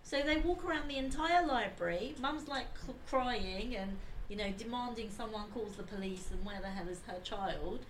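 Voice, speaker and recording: A woman on a podcast telling a story in a casual, animated way. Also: a little high, moderate pace, hardly any pauses, slight background noise, poor audio. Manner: animated, acts out quoted voices. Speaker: podcast co-host.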